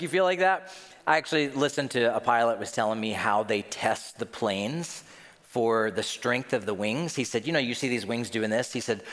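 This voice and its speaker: A man preaching a sermon as pastor, telling stories in an animated way and acting out quoted voices. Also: mid-range voice, in a large hall.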